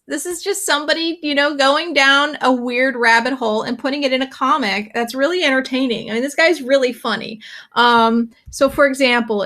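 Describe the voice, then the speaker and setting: A woman's voice: high-pitched, pushed and bright. A woman teacher giving a casual classroom lecture, chatty and laughing often as she reads comics aloud.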